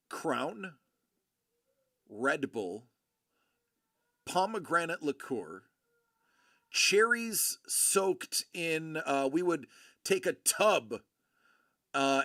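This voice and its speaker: A man's voice: on the high side, fairly bright tone, no echo, studio quality. A man in his forties from Buffalo, New York, hosting a live show and telling rambling stories with lots of fillers and restarts. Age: 40s. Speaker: host of a collectibles live show. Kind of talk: casual live-stream chat.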